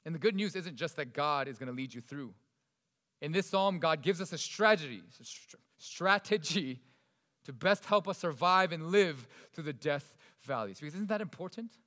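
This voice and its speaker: High-voiced pastor preaching in a reverberant hall. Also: male voice, lively intonation, moderate pace. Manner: swings between loud emphasis and hushed, soft delivery. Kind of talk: sermon.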